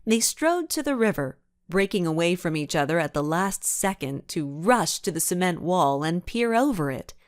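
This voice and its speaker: A woman narrating a children's mystery audiobook in an expressive storytelling manner. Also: lowish voice, normal speed, few pauses, no echo, studio quality. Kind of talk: scripted narration.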